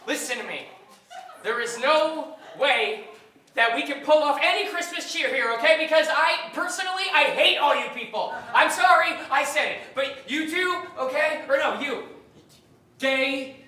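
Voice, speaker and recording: A woman's voice: high-pitched, expressive, moderate pace. A woman playing a furious ranting traveler. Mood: scornful. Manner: ranting, yelling insults. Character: furious foul-mouthed woman stranded in an airport. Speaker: stage comedy actor. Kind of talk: live stage comedy acting. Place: large theatre stage. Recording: roomy live theatre, distant mic, faint noise.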